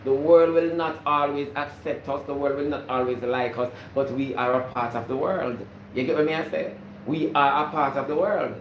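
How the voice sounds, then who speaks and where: A man's voice: medium pitch, steady tone, moderate pace, echoey room, slight background noise. A Jamaican man hosting a casual live stream, preaching to viewers about responsibility and greeting them by name, repeating his points.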